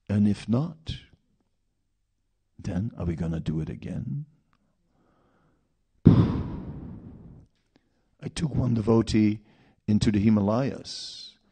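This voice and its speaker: A male preacher talks slowly and unhurriedly, in a low, gravelly voice. His tone is warm and husky, and he tells his story through rhetorical questions and asides. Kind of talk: sermon.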